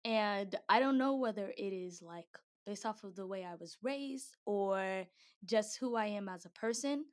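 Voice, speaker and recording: Young woman, slangy faith talk to a group, laughs a lot, mid-pitched voice. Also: measured pace. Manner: chatty, slangy, laughs often, acts out quotes. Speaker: speaker at a Christian gathering. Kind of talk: casual devotional talk.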